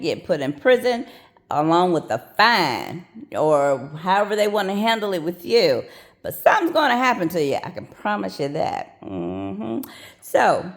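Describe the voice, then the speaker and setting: A woman who works as a prison nurse, telling a story in a blunt, sassy, profane way and acting out what people said. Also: on the low side. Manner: sassy, blunt and profane, acts out quoted lines. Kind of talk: casual storytelling vlog.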